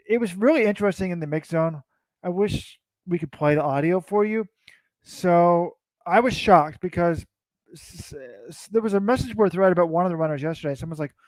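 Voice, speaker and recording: A man's voice: high-pitched, darkish tone, no room sound, poor audio. A man co-hosting a casual sports recap, telling stories in a rambling, self-interrupting way. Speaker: co-host.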